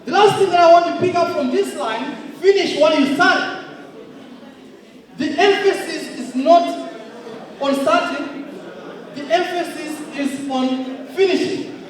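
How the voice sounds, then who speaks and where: A man giving a motivational speech at an awards event, emphatic and often shouting. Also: very high-pitched, slow pace, long pauses. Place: large indoor hall. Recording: echoey hall from far off.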